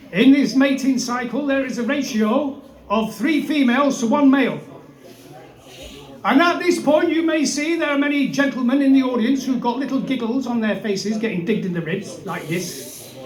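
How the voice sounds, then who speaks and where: A man doing a live comedy set, telling rambling absurd stories with exuberant showman patter. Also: extremely high pitch. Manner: exuberant, addresses "ladies and gents". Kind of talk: absurd rambling stand-up storytelling. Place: brewery venue, indoors. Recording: echoey room sound.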